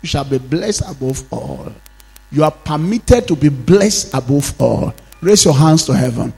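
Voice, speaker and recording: A man's voice: mid-range voice, expressive, unhurried, gravelly, darkish tone, slightly rough, in a large hall. A man pastor preaching a sermon, leading fervent prayers and having the congregation repeat declarations after him.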